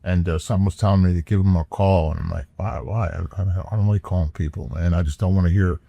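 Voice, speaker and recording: A man's voice: sits low, steady tone, fast, creaky, mellow. A man co-hosting a podcast, telling a personal story in a laid-back drawl that stammers and repeats words. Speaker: podcast co-host. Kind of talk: casual storytelling chat.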